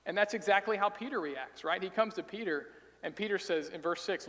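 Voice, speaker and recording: A man's voice: high voice, fairly quick, fairly bright tone, in a large hall. A man preaching a sermon in a casual, storytelling way, acting out quoted voices as he retells the passage. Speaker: pastor. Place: church sanctuary.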